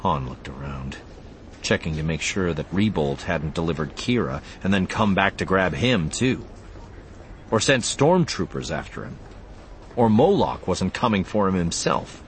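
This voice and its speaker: A man's voice: low-pitched, sing-song, unhurried, a little hiss or hum. A man narrating an audiobook expressively, voicing the character lines too.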